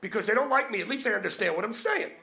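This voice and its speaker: A man's voice: high-pitched, lively intonation, very fast, vocal fry, bright, forceful tone. A man doing a crude, brash stand-up comedy set, punching his lines.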